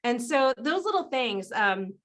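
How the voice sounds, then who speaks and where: A woman guest on a podcast interview, explaining ideas in an animated way, often laughing and acting out other people's voices. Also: on the high side, unhurried. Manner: animated, acts out quoted voices. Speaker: guest business strategist.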